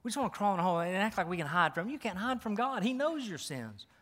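A man's voice: sits high, sing-song, fast, a bit bright. A male pastor preaching a sermon in a church, emphatic and repetitive, firing rhetorical questions. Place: church sanctuary. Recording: long hall reverb.

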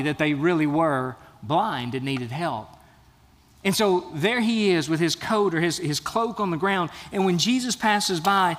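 A man's voice: high-pitched, a bit bright, big-room sound. A man preaching a sermon as a pastor, earnest and building to emphatic bursts.

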